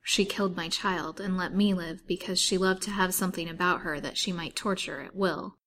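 A woman's voice: lowish voice, fairly even intonation, a little fast, a bit bright, a little hiss or hum. A woman reading aloud in the voice of a weak, bitterly wronged young wife, earnest and pleading.

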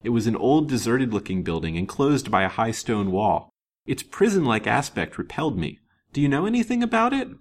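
A man's voice: mid-range voice, big pitch swings, a little fast. A man reading a polite, wary detective. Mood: musing. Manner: polite, musing, formal. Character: wary, courteous male detective on horseback.

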